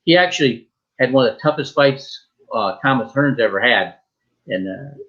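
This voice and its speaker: A man from Michigan, a talk show guest, telling a story in a joking, animated way with quoted dialogue and restarts. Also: medium pitch, moderate pace, muffled recording.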